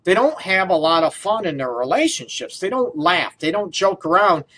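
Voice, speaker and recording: A male radio host riffs casually into a studio mic, his voice sitting a little on the high side. He rambles through loose questions, padding them with fillers and breaking into chuckles. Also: animated, normal speed, fairly bright tone. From Detroit area. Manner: rambling, full of fillers, laughs often. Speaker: radio show host, relationship counselor.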